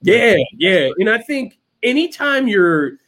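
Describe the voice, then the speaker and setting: A man co-hosting a casual sports podcast, relaxed, with lots of fillers and restarts. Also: sits high, slow pace. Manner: relaxed, many fillers and restarts, laughs often. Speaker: podcast co-host.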